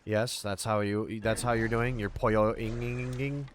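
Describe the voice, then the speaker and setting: A man's voice: fairly low pitch, little pitch movement, moderate pace, slight background noise. A man chatting casually on a game livestream, playful and rambling, swearing freely as he talks to his chat. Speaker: streamer.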